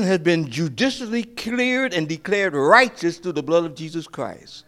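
A male pastor preaching a sermon. He asks his listeners questions and answers them himself, hesitating and restarting in quieter stretches and rising to emphatic peaks. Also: on the high side, lively intonation, a little slow, few pauses.

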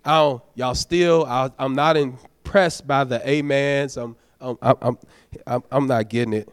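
A man's voice: medium pitch, steady tone, unhurried, clear, resonant tone, no echo, clean studio sound. A man, a deacon, preaching a sermon, urging the congregation in a conversational, folksy way and prodding them for amens. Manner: exhorting, prods the congregation for amens.

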